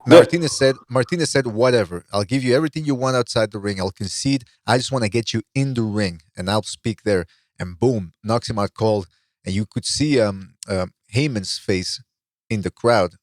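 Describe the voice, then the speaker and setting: A man's voice: lowish voice, normal speed, no echo. A man hosting a casual podcast, telling stories and building up to the punchline. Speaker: podcast host.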